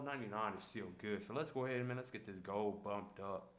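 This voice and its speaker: A man's voice: fairly low pitch, a little fast, hardly any pauses, music in the background. A man streaming live and talking casually to his chat in a laid-back, slangy way. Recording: echoey room with faint background noise.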